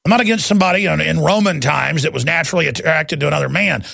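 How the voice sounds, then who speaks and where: A man's voice: on the high side, fast talker, gravelly, sharp tone, breathy edge, dry recording, studio quality. A man hosting a talk radio show, ranting heatedly from one news item to the next and mocking his critics. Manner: heated, ranting, jumps between news items; mocks opponents in put-on voices.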